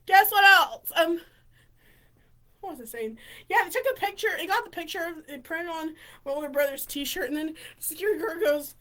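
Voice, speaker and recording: A woman vlogger telling funny stories in an excitable, rambling way, giggling and restarting often. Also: very high voice, fairly quick. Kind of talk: casual storytelling.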